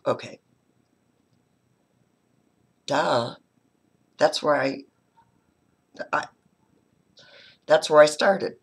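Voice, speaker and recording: A middle-aged woman, a spiritual teacher, talking about her own experience in a halting, heartfelt way and now and then dropping to a whisper. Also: deep voice. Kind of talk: personal reflective talk.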